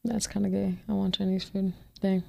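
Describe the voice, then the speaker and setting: A woman in casual chat who laughs often and talks in a relaxed, slangy way. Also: mid-range voice, moderate pace, creaky.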